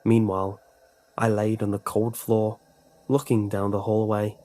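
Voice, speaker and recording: A man narrating a scripted horror story in a tense, measured way. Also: on the low side, flat delivery, warm tone.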